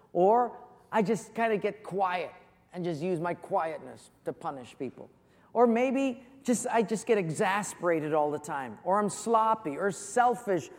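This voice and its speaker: Pastor guy preaching in a church, kinda high voice, long echo off the hall. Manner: animated storyteller, acts out voices in jokes. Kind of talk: sermon.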